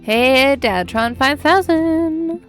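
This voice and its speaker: A woman voicing a teasing, bossy teenage daughter with a bright, pushy delivery, in a game read aloud. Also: high voice, drawn-out words, faint music behind, pitched above the performer's own voice, heavily acted.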